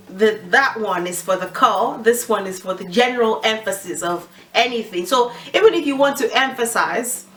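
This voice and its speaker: A woman's voice: medium pitch, a bit bright. Woman teaching. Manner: explains informally, laughs at own slips. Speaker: language teacher. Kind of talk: casual spoken lesson.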